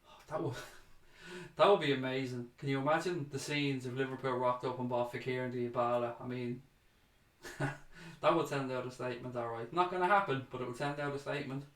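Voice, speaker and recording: Bloke hosting a fan chat stream, mid pitch, chatty and matey, echoey room sound. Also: male voice, fairly even intonation, a little fast, a bit bright. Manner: chatty, addresses viewers as mate. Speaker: livestream host reading viewer comments. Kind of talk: casual fan chat livestream.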